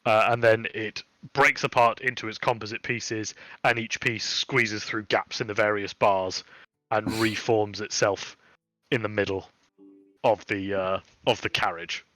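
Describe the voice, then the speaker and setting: A man's voice: fairly low pitch, steady tone, unhurried, sharp tone, dry recording. A man narrating a tabletop game as game master, casual and full of fillers.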